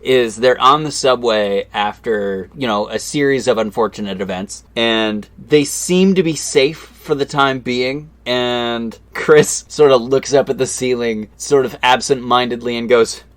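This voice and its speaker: A man co-hosting a podcast in casual chat, recounting scenes step by step in a measured way. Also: mid-range voice. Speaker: podcast co-host.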